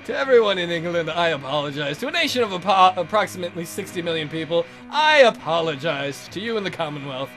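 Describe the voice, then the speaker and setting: A man's voice: fairly high pitch, very animated, brisk, few pauses, soft background music. A man hosting a let's play, reading a text adventure aloud with playful jokey commentary and silly voices. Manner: playful, bursts into silly put-on voices and shouts.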